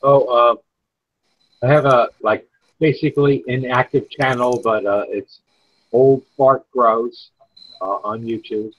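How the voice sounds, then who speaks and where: A man's voice: medium pitch, fairly even intonation, slow pace, long pauses, no echo, dull audio. A man joining a podcast as a guest, talking casually and hesitantly.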